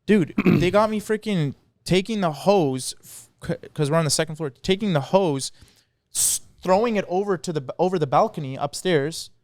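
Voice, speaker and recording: A young man co-hosting a podcast, telling stories in a lively, slangy casual chat. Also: high voice, moderate pace, dry recording, clean studio sound. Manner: animated storytelling, slangy. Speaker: podcast co-host.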